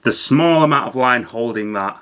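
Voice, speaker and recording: Bright-voiced man explaining fishing gear. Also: medium pitch, moderate pace, a little hiss or hum. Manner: chatty, loose with fillers and restarts. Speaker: fishing channel host. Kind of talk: casual educational talk to camera.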